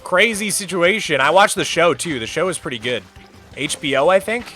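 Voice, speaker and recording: A man in his thirties with a high, lively voice rambles through casual live-stream chat, peppering everything with "like". His tone is bright and a little sharp, with faint game music under him. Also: moderate pace. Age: 30s. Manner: rambling, animated, full of "like" fillers.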